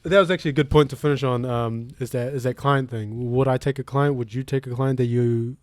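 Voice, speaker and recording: A man's voice: medium pitch, fairly even intonation, brisk, dry recording. A young man hosting a casual podcast chat, joking, laughing and swearing freely. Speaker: podcast host.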